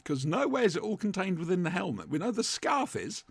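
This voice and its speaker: A man's voice: sits high, wildly swooping pitch, brisk, gravelly, breathy edge, no room sound. A man with a chatty, wry manner, co-hosting a casual watch-along commentary from home. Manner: chatty, wry, fond asides. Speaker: podcast co-host watching along. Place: home room, dry sound.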